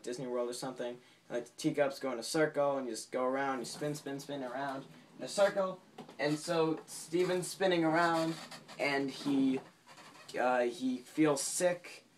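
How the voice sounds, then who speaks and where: A man vlogging a casual, rambling recap of a cartoon episode. He laughs often, uses many fillers and restarts, and acts out quotes in a high voice. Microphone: home camera mic.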